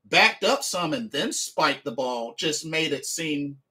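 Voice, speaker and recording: A man's voice: a little high, expressive, slow pace, pushed and bright. A man streaming a sports game recap, talking emphatically and repeating the same phrases again and again. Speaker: livestreamer and sports fan.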